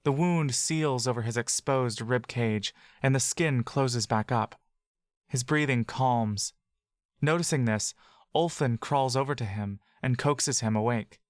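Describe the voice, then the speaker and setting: An audio drama narrator reading scripted fantasy narration in the second person, slow and measured. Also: medium pitch, dry recording, studio quality.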